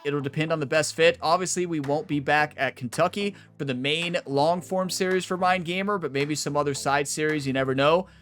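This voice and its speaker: A man hosting a gaming channel, wrapping up a series in casual, rambling chat, often laughing and swinging between excited and subdued. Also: a little high. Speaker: gaming YouTuber host.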